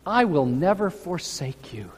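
Slow-preaching man in a reverberant church. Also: on the high side, sing-song, slight background noise. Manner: slow, emphatic preaching with drawn-out phrases. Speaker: pastor. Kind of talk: sermon. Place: church sanctuary. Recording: church hall with long reverb.

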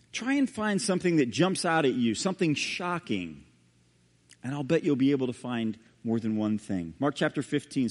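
A male pastor preaching a sermon and reading scripture aloud, dramatic, with sudden hushed low drops on key words. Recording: long hall reverb.

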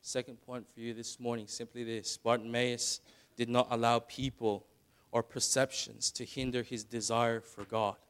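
A man preaching a sermon, dropping to quiet asides and then building to loud, dramatic retellings. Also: medium pitch, little pitch movement, normal speed, clear, resonant tone. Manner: dramatic, swings from soft asides to shouted retellings.

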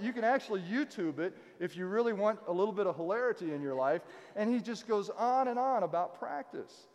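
A man's voice: a little high, darkish tone, long reverb tail. A man, a pastor, preaching a sermon in a casual, conversational way, often checking in with his congregation. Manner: conversational, frequent "okay?" check-ins. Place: church sanctuary.

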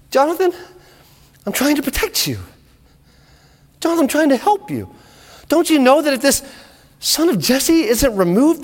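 A man's voice: mid-range voice, pitched below the performer's own voice, lightly acted. A man voicing a jealous, volatile aging king who swings from coaxing to screaming rage, in an echoey hall.

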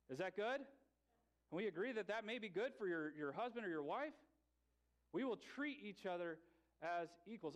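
Male pastor, sermon delivery, conversational with light humor, slightly raised pitch.

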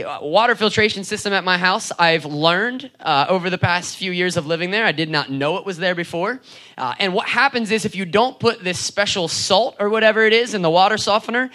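Brief: young male pastor, high bright voice, chatty storytelling sermon delivery. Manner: conversational preaching with storytelling asides and rhetorical "right?".

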